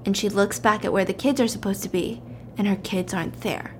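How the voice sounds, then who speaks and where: A woman casually retelling a story, animated and acting out the characters' lines in raised voices. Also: mid-range voice, fairly quick, a little hiss or hum.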